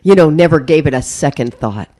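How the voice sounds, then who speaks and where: A woman's voice: sits low, animated, brisk, warm tone. A middle-aged woman, speaking at a recovery meeting and telling a candid story to a live audience with self-mocking humor. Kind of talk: personal testimony to a live audience.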